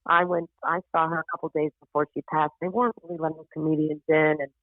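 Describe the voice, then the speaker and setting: A woman stand-up comedian, a podcast guest, telling a story in casual chat. She is animated, swears freely, and acts out the voices of the people in her story. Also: deep voice, fast, no echo. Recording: tinny phone-like audio.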